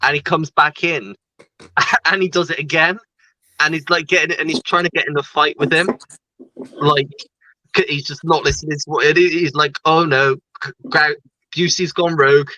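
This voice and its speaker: A man with a bright, forceful voice chatting casually on a livestream. He tells stories in an animated way and laughs along. The sound is dry and close. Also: on the high side, moderate pace, no echo, poor audio. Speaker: livestream co-host. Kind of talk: casual chat.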